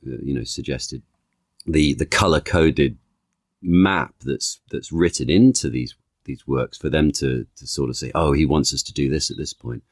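An actor and author talking as a podcast guest, thoughtful, stacking analogies, often restarting with "you know". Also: male voice, extremely low pitch, darkish tone, dry recording, clean studio sound. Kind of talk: conversational interview.

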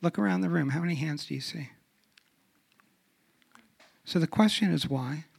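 A middle-aged man preaching a sermon on a church stage, asking rhetorical questions and dropping to a hush for emphasis. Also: on the high side, moderate pace, vocal fry, slightly rough. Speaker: guest speaker on sexuality. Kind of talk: sermon with humorous stories.

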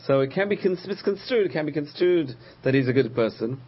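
A man teaching a religious lesson, patiently explaining terms, repeating key words and pausing with frequent uh's. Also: mid-range voice, expressive, slightly rough, muffled recording. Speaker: Torah teacher.

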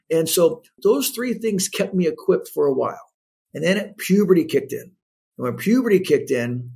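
A man in his fifties with a slightly raised, husky voice tells a personal story with energy. He jumps into the voices of the people in it as he goes, shifting his delivery for each quote. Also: fairly high pitch. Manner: animated storyteller acting out quotes. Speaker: guest. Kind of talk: storytelling in an interview.

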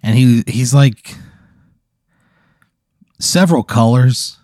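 A man's voice: mid-range voice, takes it slowly, darkish tone, no echo, clean studio sound. A man hosting a comedy podcast, improvising a hypothetical story with lots of fillers. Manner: meandering, lots of "like", throat clearing.

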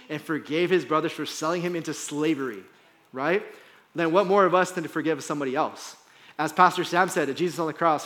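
This is a male pastor in a church hall whose sermon feels like a conversation, full of "right?" and "like" as he checks in with listeners. He talks fast, in a voice that's a little high and a bit bright.

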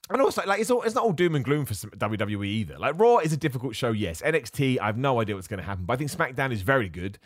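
Animated, fast-talking podcast host. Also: male voice, lowish voice, dry recording, studio quality. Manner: animated, opinionated, self-deprecating asides. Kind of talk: casual opinion podcast.

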